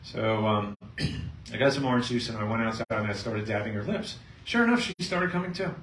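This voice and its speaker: A middle-aged man, a chiropractor, speaking to a live seminar audience and telling a patient story with lively storytelling. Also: fairly low pitch, a little fast. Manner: storytelling, acting out both sides of a patient story, animated. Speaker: chiropractor giving a health seminar. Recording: echoey room, mic at a distance, faint noise.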